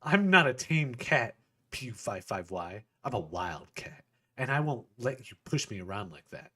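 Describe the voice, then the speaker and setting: A man's voice: mid-range voice, very animated, normal speed, pushed and bright, slightly rough, heavily acted. A man voicing a proud, fiery young cat-woman who is haughty and indignant.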